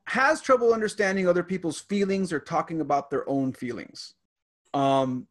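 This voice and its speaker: A man with a slightly high voice, reading and explaining. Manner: reads items aloud and adds classroom stories. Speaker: teacher. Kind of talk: casual podcast chat, reading a list.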